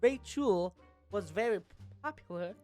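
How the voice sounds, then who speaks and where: A woman's voice: mid-range voice, expressive, measured pace, warm tone, soft background music. A woman playing a text game, reading its lines aloud and adding playful, giggly asides. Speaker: gamer.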